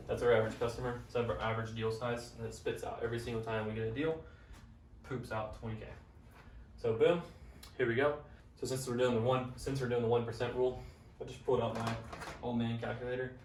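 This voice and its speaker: A young man casually explaining a business funnel at a whiteboard, upbeat and slangy. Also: medium pitch. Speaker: business coach. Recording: roomy, from a distance, faint noise.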